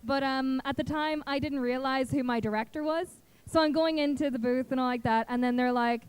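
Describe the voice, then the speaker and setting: A woman's voice: high voice, steady tone, fairly quick, few pauses, clear, resonant tone, no room sound. A young woman, a guest voice actor, telling a bubbly story at a convention panel, with lots of "like" and laughter. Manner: bubbly, filler-heavy, laughing often.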